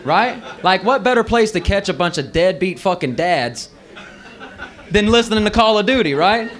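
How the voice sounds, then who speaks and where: A man's voice: high voice, expressive, normal speed, a bit bright. A man in his thirties from the American South with a Southern accent, doing a profane, loose stand-up set at an open mic. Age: 30s. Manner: loose, profane storytelling with drawled asides. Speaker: stand-up comedian. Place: bar open mic stage.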